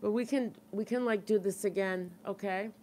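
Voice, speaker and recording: A woman's voice: medium pitch, normal speed, warm tone. Brief: middle-aged woman, Boston accent, chatty livestream host, earnest and reassuring, a faint hiss behind her. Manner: chatty, reads out and answers viewer comments. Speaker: livestream support group host. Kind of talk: casual live-stream chat.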